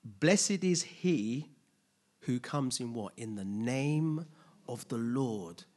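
A man preaching a sermon, asking rhetorical questions, making playful asides and building to loud, emphatic peaks. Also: mid-range voice, lively intonation, slow. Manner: casual asides with playful humor.

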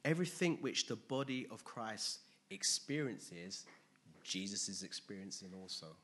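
Lively, husky-voiced male preacher. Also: fairly low pitch, unhurried. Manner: animated, emphatic, with rhetorical questions. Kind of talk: sermon.

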